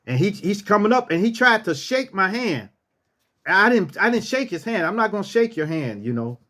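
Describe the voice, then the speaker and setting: Male storyteller, fairly high voice, animated and repetitive, casual vlog delivery. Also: moderate pace. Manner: animated, acts out what people said, repeats phrases.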